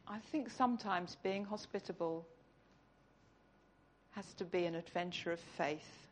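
A woman's voice: on the low side, unhurried, pauses often, slight background noise. A woman giving an earnest, conversational sermon in church. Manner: earnest, conversational, tearful at the close. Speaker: church speaker.

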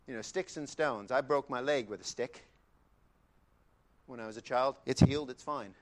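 A man preaching a sermon, emphatic, dropping to quiet repetitions and then rising loud, with chatty asides to the congregation. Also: medium pitch, moderate pace. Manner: conversational asides.

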